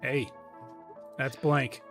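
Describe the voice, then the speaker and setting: A man's voice: medium pitch, flat delivery, extremely slow, vocal fry, a bit bright, soft background music. A man playing a tabletop role-playing game, chatty and joking, asking the game master questions. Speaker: player. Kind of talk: casual tabletop play.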